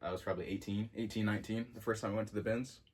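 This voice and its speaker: A man in his twenties talking casually in a vlog, slangy and excitable, with sudden jumps in pitch. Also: very fast, breathy edge. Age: 20s. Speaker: vintage clothing vlogger.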